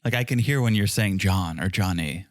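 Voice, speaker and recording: A man's voice: low voice, fairly quick, no room sound. Dry-joking man co-hosting a podcast. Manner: dry, joking, wry asides. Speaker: podcast co-host. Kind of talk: casual chat recapping a reality show.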